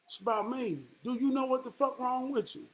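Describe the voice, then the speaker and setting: Speaking fairly quickly in a very high-pitched voice, a man gives an impassioned, emphatic monologue laced with profanity. He throws out rhetorical questions and repeatedly uses "man" as a filler at the end of lines.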